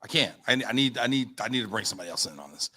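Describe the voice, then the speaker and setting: A man in his thirties from the United States, telling a story as a podcast guest, animated and full of fillers, acting out his own quotes. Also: fairly low pitch, very fast, breathy edge. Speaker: podcast guest, company founder. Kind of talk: casual storytelling in an interview.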